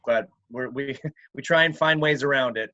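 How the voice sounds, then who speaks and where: A man, a high school football coach, explaining things in an easygoing way in a casual discussion. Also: moderate pace, bright, forceful tone. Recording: dull lo-fi sound.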